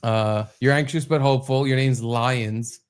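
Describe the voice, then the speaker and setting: A man of ordinary pitch trading jokes on a comedy podcast. His delivery is wry and teasing, with a dry deadpan as he reads through a script with his co-host. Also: measured pace, clean tone. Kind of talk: joking banter while reading a script aloud.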